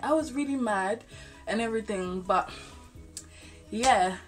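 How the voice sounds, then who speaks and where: A woman's voice: a little high, measured pace, soft background music. A young woman telling a storytime vlog, full of slang and swearing. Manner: animated, slangy, swears freely. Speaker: vlogger.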